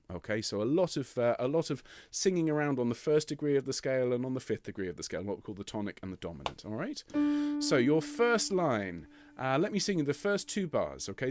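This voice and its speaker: A man's voice: mid-range voice, a little mellow. A man teaching a choir part, patiently explaining and singing short demonstration phrases with encouragement. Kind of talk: choir rehearsal tutorial. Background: piano accompaniment.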